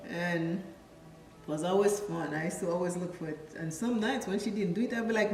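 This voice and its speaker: A woman's voice: lowish voice, a little fast, darkish tone. A woman from Dominica, a makeup vlogger, chatting playfully through a tutorial and drifting into childhood stories. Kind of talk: casual makeup tutorial chat. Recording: echoey room with the mic at a distance. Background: faint music.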